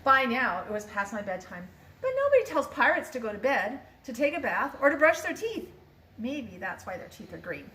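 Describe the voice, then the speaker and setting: An older woman reading a picture book to a grandchild, lively and expressive, stumbling now and then. Her voice sits fairly high and bright with animated swings, and a roomy echo surrounds it. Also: moderate pace. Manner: lively, expressive read-aloud with small slips.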